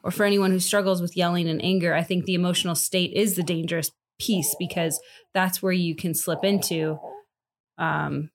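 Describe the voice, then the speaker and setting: A woman co-hosts a relaxed conversational show, agreeable and chatty, often laughing along with her partner. Her voice sits a little low for a woman. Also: moderate pace. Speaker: podcast co-host. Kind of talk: conversational discussion.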